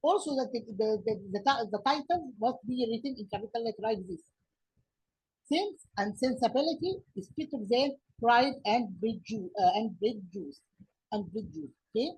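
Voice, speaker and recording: An Egyptian woman teaching an English grammar lesson in a halting way, with many fillers and restarts, her first language Arabic. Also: fairly high pitch, expressive, a little mellow, slightly rough, poor audio.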